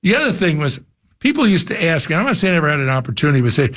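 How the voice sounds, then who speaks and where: Racing and very animated, this older New Jersey man, once a college football coach, rambles as a sports radio guest in a fairly high, bright voice. Starting each thought, he tends to repeat his opening words.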